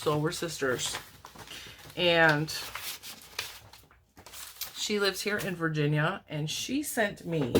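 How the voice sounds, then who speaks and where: A chatty woman who laughs a lot is a crochet vlogger opening viewers' mail at home, indoors with the TV on and a noisy background. Her casual chat rambles, and her pitch leaps up when she gets excited.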